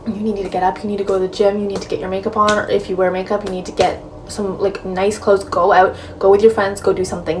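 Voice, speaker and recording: A woman's voice: mid-range voice, a little mellow. Woman, casual advice vlog, blunt and direct, says "like" a lot, a bit far from the mic, faint room noise. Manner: frank and direct, lots of "like" and "right?". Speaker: advice vlogger. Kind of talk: casual advice talk to camera.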